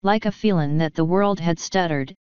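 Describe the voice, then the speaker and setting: A woman's voice: fairly low pitch, normal speed, a little mellow, smooth, no echo, dull audio, lightly acted. A woman voicing a chatty elderly midwife with folksy, g-dropping speech. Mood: reminiscing.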